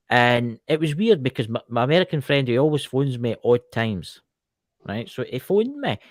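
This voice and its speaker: A man's voice: mid-range voice, darkish tone, no room sound, studio quality. A man with a Scottish accent, a podcast guest telling a story in a chatty way, with many asides. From Scotland. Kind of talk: casual podcast chat.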